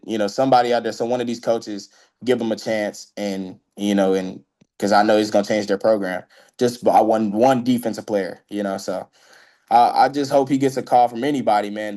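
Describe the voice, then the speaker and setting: A man's voice: lowish voice, mellow. An American man, a football player, talking casually and earnestly as an interview guest, peppering his speech with "you know" and "man.". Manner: earnest, repeats himself, drops "you know" and "man" often.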